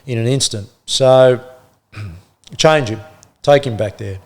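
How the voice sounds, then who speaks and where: A middle-aged Australian man, a former police officer, telling animated stories in casual conversation and acting out the people he quotes. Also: mid-range voice, takes it slowly. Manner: animated anecdotes, acts out quoted voices, laughs often. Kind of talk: casual storytelling.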